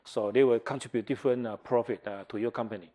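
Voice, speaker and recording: Older guy from taiwan lecturing on marketing in english, gets animated acting out customers. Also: medium pitch, fast talker. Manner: animated, acts out customer reactions, asks the class questions; non-native English, simplified grammar. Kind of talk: classroom lecture. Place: lecture hall.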